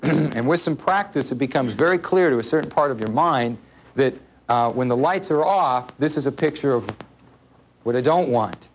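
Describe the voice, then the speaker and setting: A man leads a live seminar in a room before an audience. He talks in a loose, conversational way, circles back to repeat key points and keeps quizzing his listeners, with a faint hum in the background. His pitch sits in an ordinary middle range. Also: animated, moderate pace. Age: adult, parent of a small child. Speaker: workshop instructor.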